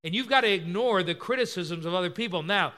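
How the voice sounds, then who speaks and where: A man's voice: sits high, fast talker, sharp tone. A man preaching a sermon, explaining a scripture passage and acting out the voices of its characters as he retells them. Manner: expository preaching, acts out quoted voices.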